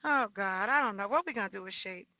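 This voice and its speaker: A woman's voice: mid-range voice, quick pace, no room sound, low-quality recording. A woman hosting her own livestream, talking loosely and expressively with slangy asides to her viewers. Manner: loud, expressive, slangy, talks straight to viewers. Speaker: livestream host. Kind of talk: casual livestream chat reading comments.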